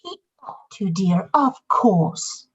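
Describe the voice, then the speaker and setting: A woman's voice: medium pitch, sing-song, slow, slightly rough, muffled recording, exaggerated voice. A woman playing a gossipy, reassuring bridesmaid on stage.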